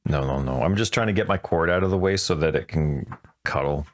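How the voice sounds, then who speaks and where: A man co-hosting a gaming podcast in casual chat, rambling and animated, quick to laugh, talking close to a desk mic. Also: rumbling low. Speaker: podcast co-host.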